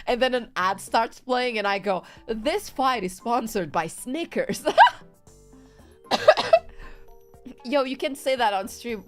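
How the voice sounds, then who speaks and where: A woman's voice: high voice, fairly bright tone, clear, resonant tone. A woman streamer chatting casually on a live stream, rambling in a giggly, playful way. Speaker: VTuber streamer.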